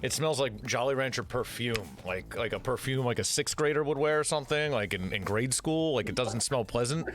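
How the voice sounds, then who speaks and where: A man's voice: medium pitch, fairly bright tone, faint music behind. A man from New Jersey hosting a casual chat, rambling with lots of fillers. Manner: fast, rambling, frequent "like" fillers. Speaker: host.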